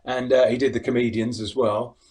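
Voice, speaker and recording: Middle-aged english guy on a video call, chatty, laughs a lot, trips over his words, normal pitch. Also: little pitch movement, a little fast, darkish tone. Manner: chatty, laughs often, many restarts. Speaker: impressionist guest. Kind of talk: casual interview chat.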